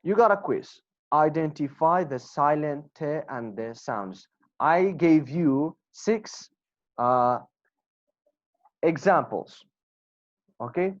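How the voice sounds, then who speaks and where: A woman teaching an English class online, slowly repeating words and warmly encouraging her students. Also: low-pitched, expressive. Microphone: video call. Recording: dull lo-fi video call audio.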